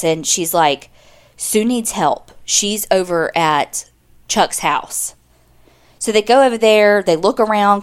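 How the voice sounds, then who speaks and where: A woman's voice: medium pitch, clean tone. Podcast co-host, woman, chatty true-crime storyteller, mid-range voice. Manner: chatty, retells events with quoted dialogue and asides.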